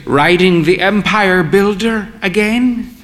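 A woman's voice: mid-range voice, slow pace, voice pushed up, close to an everyday voice. A man voicing a frail, proud old mother who speaks in a dramatic, drawling, genteel way. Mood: theatrical. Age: older.

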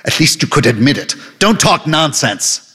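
A man voicing a suspicious, hurt woman on the phone, speaking low, hoarse and soft, accusing then pleading. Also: big pitch swings, normal speed, in a large hall, full character voice.

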